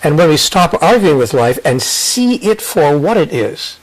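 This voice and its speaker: American guy in an interview, earnest and thoughtful, kinda high voice, keeps restarting sentences. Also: very animated, low-quality recording. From United States. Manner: earnest, restarts and repeats phrases, slows for emphasis. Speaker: interview guest, spiritual author. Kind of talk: reflective interview talk.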